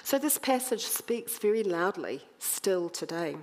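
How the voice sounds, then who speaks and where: A woman preaching a sermon, conversational and animated, with wry humour as she tells the story. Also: medium pitch, measured pace.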